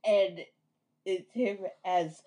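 A woman co-hosting a casual podcast, playful and quick to laugh. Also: medium pitch, steady tone, mellow. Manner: playful, giggly. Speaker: podcast co-host. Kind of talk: casual chat.

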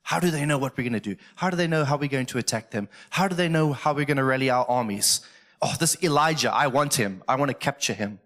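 A man's voice: mid-range voice, quick pace, fairly bright tone, close to an everyday voice. A man preaching voices a frustrated ancient king who rattles off angry questions. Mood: exasperated.

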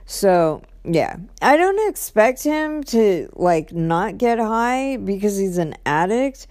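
A woman's voice: on the low side, big pitch swings, slow, dry recording, studio quality. A woman telling an emotional personal story in a rambling way, often repeating "I'm like" and trailing off. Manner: restarts and trails off, quiet at times. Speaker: vlogger.

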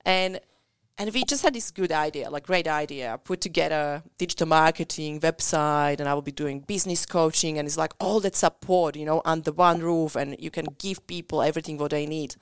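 This woman in her thirties speaks English with a Central European accent in a smooth, slightly low voice. She tells her story earnestly as a business coach, acting out what people said. The sound is close and dry. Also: fairly quick, hardly any pauses, no echo. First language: Central European language. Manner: earnest storytelling with acted-out quotes. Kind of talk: personal story in an interview.

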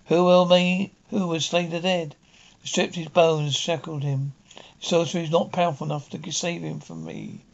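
A man's voice: level tone, normal speed, gravelly, highs cut off. A man voicing an insane, murderous male innkeeper who roars and gloats. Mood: raving. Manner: roaring, booming mad laughter.

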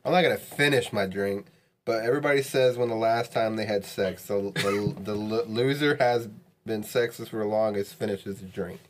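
A man's voice: on the low side, moderate pace, a little hiss or hum. A man co-hosting a casual podcast drinking game, laughing and swearing as he gets drunk. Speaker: podcast co-host.

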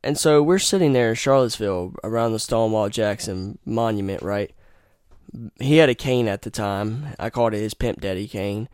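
A young man rambles through a casual podcast story, cursing often and stating blunt opinions. His voice sits low and sounds smooth and resonant. The recording is dry and close, with no room sound. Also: normal speed, a little mellow, dry recording. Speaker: podcast host.

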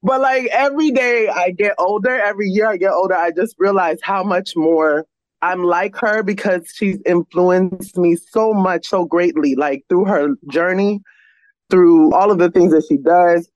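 A woman's voice: lowish voice, normal speed, darkish tone, no echo, low-quality recording. A young woman speaking earnestly on a video call, rambling heartfelt praise for her mother. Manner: earnest, rambling, lots of "you know". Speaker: guest's daughter.

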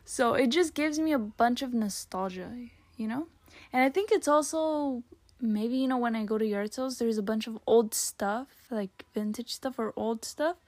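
A woman's voice: fairly high pitch, normal speed, darkish tone, no echo. A young woman hosting a casual solo podcast, chatting and rambling through her old written notes with lots of fillers. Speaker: podcast host.

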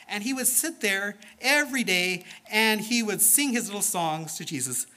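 A man telling a children's sermon story in an animated, playful way, with sound effects and questions to his listeners. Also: sits high, fairly quick, few pauses.

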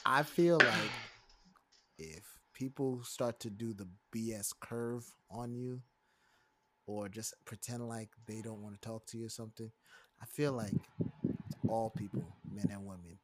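A man's voice: on the low side, a little slow, fairly bright tone. A young man co-hosting a podcast, talking casually with playful, dramatic rants. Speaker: podcast co-host. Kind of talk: casual chat.

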